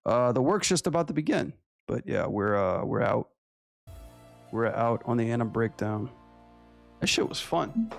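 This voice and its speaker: A man who animates and streams, chatting casually with his viewers in a relaxed, slangy way over faint guitar music. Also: mid-range voice, unhurried, gravelly, pauses often. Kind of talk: casual livestream chat.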